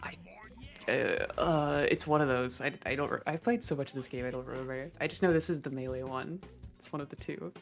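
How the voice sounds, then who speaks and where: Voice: medium pitch, fairly even intonation, brisk, creaky. Gamer, rambling, lots of ums, faint music behind. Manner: rambling with fillers, explaining. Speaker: experienced player. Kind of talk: casual gaming chat.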